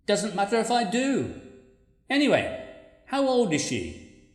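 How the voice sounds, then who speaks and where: A woman's voice: mid-range voice, huge pitch swings, a little slow, a little mellow, roomy sound. A woman voicing a sardonic, nosy female ghost who haunts a writer, teasing and needling him. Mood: puzzled.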